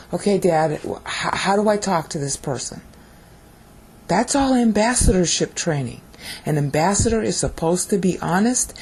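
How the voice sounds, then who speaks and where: A woman's voice: fairly low pitch, a little mellow, breathy edge. A woman giving a casual video Bible lesson, talking conversationally and often checking in with "okay?". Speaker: Bible teacher.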